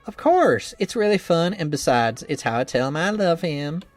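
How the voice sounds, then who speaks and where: A man's voice: on the high side, sing-song, moderate pace, soft background music. A man voicing a cheerful young woman trainer who is anxious about her cooking, reading a visual novel game in an earnest, rambling, self-doubting way.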